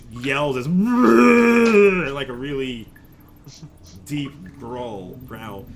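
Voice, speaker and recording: Man, game master, casual tabletop narration, laughs a lot, noisy home recording. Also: mid-range voice. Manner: casual, chuckling, with frequent restarts.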